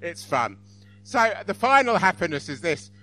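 A man's voice: sits high, sing-song, normal speed, pushed and bright. A man giving an informal church talk, self-deprecating and apologetic with frequent chuckles. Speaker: church speaker.

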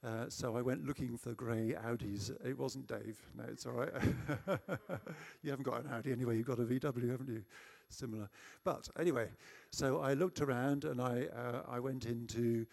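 A man's voice: mid-range voice, fairly even intonation, normal speed, gravelly, darkish tone. A middle-aged man preaching a sermon, telling a personal story in a chatty, self-deprecating way.

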